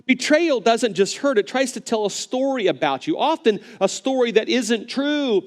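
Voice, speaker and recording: A man preaching a sermon as pastor, earnest and gentle, often repeating words as he starts a phrase and speaking straight to viewers online. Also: very high-pitched, animated, normal speed.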